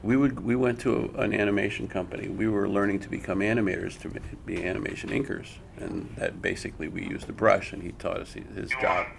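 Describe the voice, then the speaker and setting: A man's voice: on the low side, fairly even intonation, brisk, creaky, hardly any pauses, noisy background. An older man giving a live art workshop, an emphatic storyteller who repeats words as he talks. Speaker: comic art teacher. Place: school room with audience.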